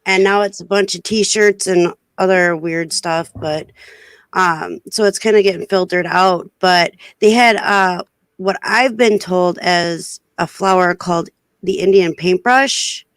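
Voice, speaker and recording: A woman's voice: on the low side, a little slow, clear, resonant tone, no echo. A woman co-hosting a live chat show, telling a casual story with lots of fillers and restarts over a video call. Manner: rambling with many fillers and restarts. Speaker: co-host of a reselling live show.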